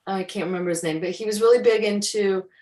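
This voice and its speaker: A woman's voice: medium pitch, quick pace, dark tone. A woman on a video call chatting casually about spiritual growth in a reflective, meandering way, acting out her own inner thoughts. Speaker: co-host. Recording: echoey room, distant mic.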